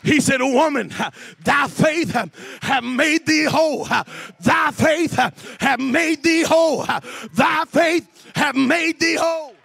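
A man preaching a sermon, shouting in a sing-song cadence with "uh" breaths between phrases. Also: extremely high pitch, takes it slowly, vocal fry, hardly any pauses.

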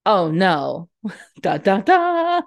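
A young woman chatting casually, retelling a movie plot with lots of laughs and quick acted-out lines. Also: mid-range voice, big pitch swings, creaky. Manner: giggly, acts out lines in quick voices. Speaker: podcast co-host.

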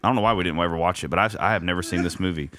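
Deep-voiced man rambling fast. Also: crowd noise. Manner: rambling, self-correcting. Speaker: podcast co-host. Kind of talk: casual chat.

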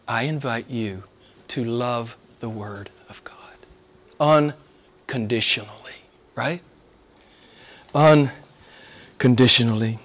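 A man's voice: mid-range voice, unhurried, a bit bright. A man preaching a sermon to his church, emphatic, often repeating phrases and asking his listeners to agree. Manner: emphatic, repeats phrases, asks "right?" of the congregation. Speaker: pastor. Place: church service.

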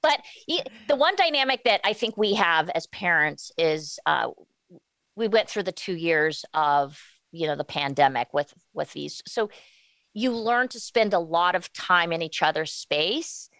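A woman in her forties speaks candidly as a guest in an interview, stopping and restarting her thoughts as she goes. Her voice sits a little low. The sound is dry and close, with no room in it. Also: expressive, fairly bright tone, dry recording. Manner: candid, halting with many restarts. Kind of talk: casual interview talk.

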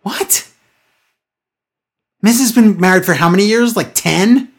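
A woman's voice: mid-range voice, brisk, breathy edge. A woman co-hosting a casual podcast, recapping a wrestling broadcast in an exasperated, sarcastic way. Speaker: podcast co-host.

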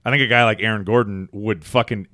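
A man's voice: fairly low pitch, fairly even intonation, fast, sharp tone, dry recording, studio quality. A man co-hosting a casual sports chat, who laughs often and swears freely. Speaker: podcast co-host.

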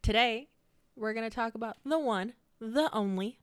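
A woman's voice: a little high, normal speed, clean tone, no echo. A young woman co-hosting a podcast, telling a story in a casual, rambling way with frequent laughs. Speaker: podcast co-host. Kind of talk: casual chat.

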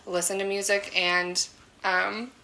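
A woman's voice: medium pitch, little pitch movement, slow pace, creaky, bright, forceful tone, a little hiss or hum, rough recording. A woman in her thirties co-hosting a podcast, talking loosely with lots of fillers and swearing. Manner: loose, rambling, swears often, many fillers. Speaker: podcast co-host. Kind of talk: casual podcast chat.

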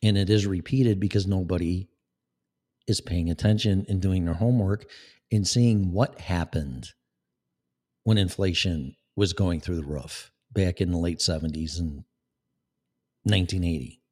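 Low-voiced man ranting, profane. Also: a little slow, a little mellow. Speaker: vlogger. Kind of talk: political rant. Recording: long echoing reverb.

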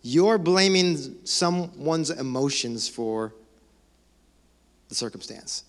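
A man preaching a sermon as pastor, animated and conversational, acting out excuses and laughing now and then. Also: fairly high pitch, slow pace. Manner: animated, mock-quotes excuses, laughs often. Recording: long hall reverb.

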